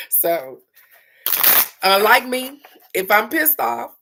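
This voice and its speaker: A woman's voice: on the high side, expressive, slow, vocal fry, noisy background. A woman doing a casual live-stream card reading, chatty and affectionate, laughing often and calling out to viewers by name.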